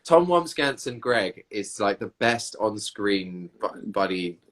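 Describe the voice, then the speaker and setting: A man's voice: lowish voice, sing-song, slow pace, a bit bright. A man, chatting casually on a livestream and answering viewer comments. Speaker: livestream host reading comments. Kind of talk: casual chat.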